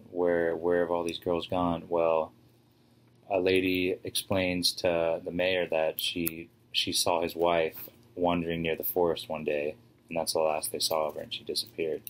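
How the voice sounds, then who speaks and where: A young man tells a fairy tale off the cuff, with loose phrasing and restarts. His voice is deep and sits low. The delivery stays flat and even, with little melodic movement. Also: a little hiss or hum, low-quality recording. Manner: loose, unscripted, with fillers and restarts. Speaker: storyteller. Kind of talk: casual retelling of a fairy tale.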